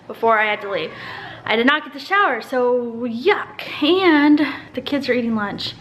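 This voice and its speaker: Young female vlogger, bright high voice, talks casually to camera and rambles, says "like" often; keep it loose and chatty. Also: animated, moderate pace, a little hiss or hum. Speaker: family vlogger.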